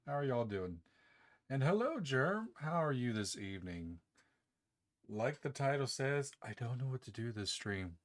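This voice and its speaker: A man streaming live, chatting loosely to his viewers in a relaxed, rambling way with frequent restarts. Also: mid-range voice, moderate pace. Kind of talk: casual live-stream chat.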